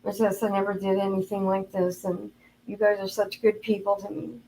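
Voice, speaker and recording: Older female streamer, creaky voice, chatty and heartfelt with her audience. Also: medium pitch, level tone, moderate pace, mellow, a little hiss or hum, rough recording. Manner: chatty, talks straight to her viewers; earnest and openly emotional. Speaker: livestream host. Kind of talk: casual livestream chat.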